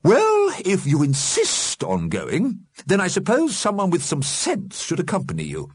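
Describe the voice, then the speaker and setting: A man's voice: high voice, wildly swooping pitch, unhurried, husky, dry recording, clean studio sound, voice pushed up, heavily acted. A man voicing a prim, disapproving dead old lady in an audiobook. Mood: indignant. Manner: primly indignant.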